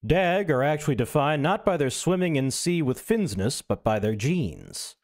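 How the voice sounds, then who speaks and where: A man's voice: on the high side, animated, moderate pace. A male streamer reading an essay aloud, breaking in with wry, self-mocking asides.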